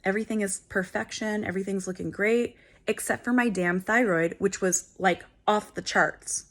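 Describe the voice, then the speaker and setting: A woman's voice: mid-range voice, fairly even intonation, moderate pace. A woman in her forties hosting a wellness channel, telling a personal story to camera in a candid, chatty way with playful asides. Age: 40s. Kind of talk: casual talk to camera.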